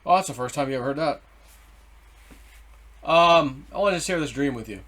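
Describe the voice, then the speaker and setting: Middle-aged man, rambling excitable storyteller, slightly high voice. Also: moderate pace. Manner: rambling, excitable, swears and self-censors. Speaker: vlogger. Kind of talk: casual storytelling.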